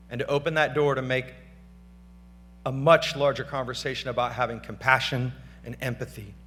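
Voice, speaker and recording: A man's voice: medium pitch, fairly bright tone. A middle-aged man giving a casual, off-script acceptance speech at a gala, loose and slangy, calling out thanks to family and friends on a stage microphone. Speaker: award speaker at a gala. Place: large banquet hall. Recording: reverberant banquet hall with faint hum.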